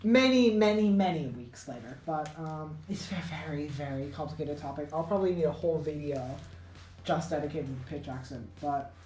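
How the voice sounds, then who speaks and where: A woman teaching an unscripted grammar lesson, halting and correcting herself, with many fillers. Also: low voice, expressive, darkish tone, slight background noise. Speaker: English teacher. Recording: echoey room with faint music.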